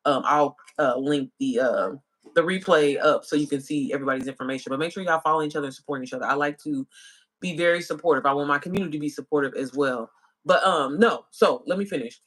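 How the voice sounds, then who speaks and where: A woman's voice: low voice, fast, slightly rough. A woman chatting casually with viewers on a livestream as an online business coach, calling them y'all and girl.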